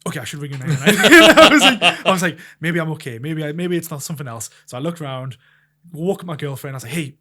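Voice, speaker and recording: A man, co-hosting a casual podcast and telling animated stories full of acted-out reactions. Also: fairly high pitch, fast. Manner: animated storyteller, acts out his own panicked reactions with laughter. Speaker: podcast co-host. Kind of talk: casual chat.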